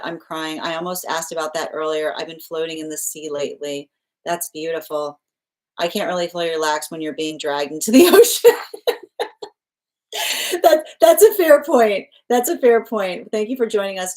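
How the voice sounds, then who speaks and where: A woman with a slightly low voice chats casually on a tarot livestream. She reads out viewer comments, thanks people by name and laughs easily along the way. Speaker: tarot reader hosting a livestream.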